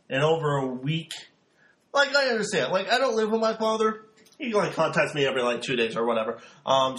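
High-voiced young man, rambling and sarcastic. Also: fairly bright tone, roomy sound. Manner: rambling and sarcastic, heavy filler words. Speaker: podcast host. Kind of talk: casual recap chat.

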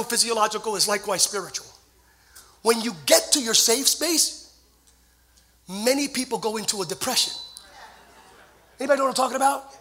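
High, bright-voiced man preaching fervently. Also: breathy edge. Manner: builds to shouted, fervent preaching with audience call-and-response; playful, sings snatches of songs and jokes with the crowd. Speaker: pastor. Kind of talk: sermon.

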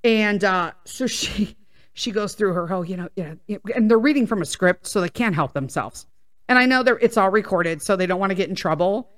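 A woman's voice: medium pitch, animated, fairly quick. A woman hosting a podcast, telling a story as a heavily profane, exasperated rant. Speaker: podcast host.

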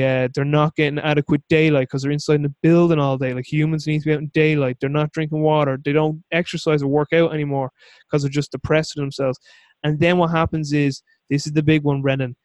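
A man's voice: a little high, a little mellow, no echo. A man hosting a casual interview, talking at length in a rambling, frank way and swearing casually. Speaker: podcast host.

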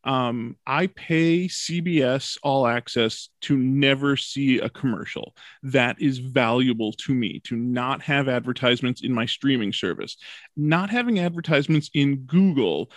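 A man co-hosting a casual talk show, trading quick joking asides and plugging events. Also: mid-range voice, no echo. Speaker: co-host. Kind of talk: casual chat.

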